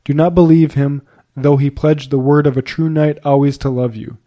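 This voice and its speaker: A man's voice: fairly high pitch, fairly even intonation, normal speed, dark tone, close to an everyday voice. A man voicing a melancholy young foreign page who pleads in a sorrowful, half-choked way.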